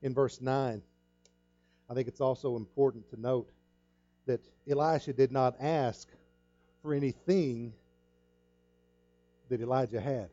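A man's voice: mid-range voice, steady tone, measured pace, pauses often, warm tone, no echo, highs cut off, faint music behind. Earnest man preaching a sermon. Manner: earnest storytelling, repeats himself, acts out quoted dialogue. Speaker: pastor.

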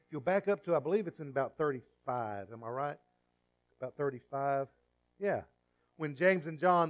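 A pastor preaching a sermon in church, swinging from quiet asides to loud, emphatic peaks. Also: male voice, fairly high pitch.

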